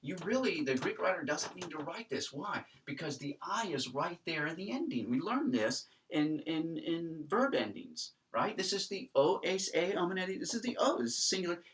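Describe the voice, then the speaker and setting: A man lecturing on Greek grammar, animated and emphatic, with many fillers. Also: fairly high pitch, moderate pace, few pauses, husky. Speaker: Greek teacher. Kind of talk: classroom lecture.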